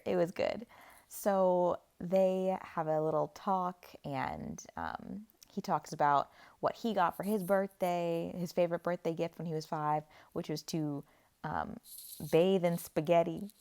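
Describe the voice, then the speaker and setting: A young woman talks through a book's plot in a casual, playful way. Her voice sits a little low, and she jumps into characters' lines to act them out. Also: darkish tone. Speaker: book vlogger. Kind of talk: casual book recap.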